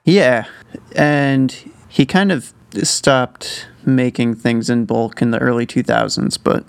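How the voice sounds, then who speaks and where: A young man from Minnesota, co-hosting a podcast in casual chat and pitching ideas in a laid-back way. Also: fairly even intonation, slow pace, vocal fry, clear, resonant tone. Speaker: podcast co-host.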